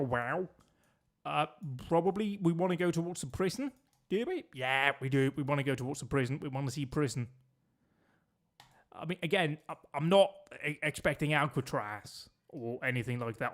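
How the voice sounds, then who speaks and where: A man's voice: on the high side, moderate pace, fairly bright tone. Chatty man, joking. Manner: chatty, joking, talks to viewers. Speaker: streamer. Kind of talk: casual gameplay commentary.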